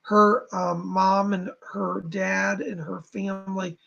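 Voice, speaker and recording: A psychic medium gives live readings in a heavily gravelly voice. His tone is husky and rough. He speaks to viewers in a halting, reassuring way. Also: high voice, flat delivery, fairly bright tone, lo-fi sound.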